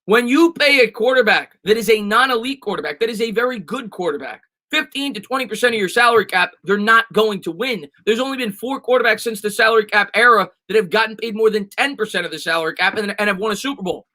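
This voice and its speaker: A man with a high, bright voice hosts a casual sports live stream and answers viewer comments. He talks emphatically and often restarts or repeats himself. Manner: fast and emphatic, with frequent restarts and repetitions.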